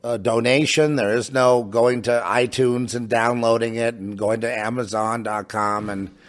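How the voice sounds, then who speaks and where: A middle-aged man from a home studio, rambling in a casual monologue, halting with many restarts and asides. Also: medium pitch, steady tone. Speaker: podcast host. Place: home in New Mexico.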